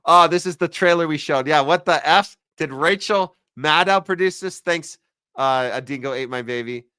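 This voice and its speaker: A man's voice: fairly high pitch, normal speed, sharp tone, clear, resonant tone, no echo, clean studio sound. A man hosting a live podcast, chatting casually and sarcastically while reading viewer comments. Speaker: podcast host.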